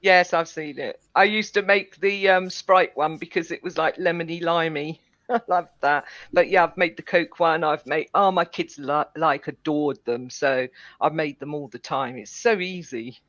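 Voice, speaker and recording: A chatty British woman on a podcast, laughing easily as she talks. Her voice comes through muffled and lo-fi. The sound is close and flat, with no room around it. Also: low voice, normal speed, no room sound. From Britain. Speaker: guest. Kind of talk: casual podcast chat. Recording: dull lo-fi call audio.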